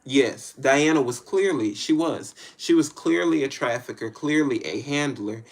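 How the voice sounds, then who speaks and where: A man with a Southern US accent speaks at an ordinary mid pitch in a loose, rambling monologue. His talk is blunt, slangy and full of curses, and he circles back to repeat himself. He sounds like a spiritual reader talking straight to his viewers. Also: measured pace, creaky.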